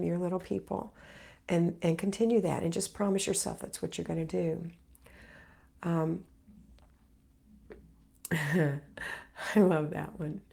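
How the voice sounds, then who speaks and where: A woman's voice: on the low side, creaky, mellow, husky. A middle-aged woman hosting a live homemaking Q&A, reading viewer comments aloud and answering them in an encouraging, motherly way, just getting over an illness. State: recovering from illness. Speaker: homemaking livestream host.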